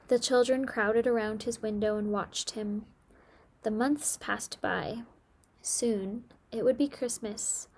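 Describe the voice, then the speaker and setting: A woman reading a children's story aloud in a gentle, measured storybook manner. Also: fairly high pitch, creaky, slightly rough.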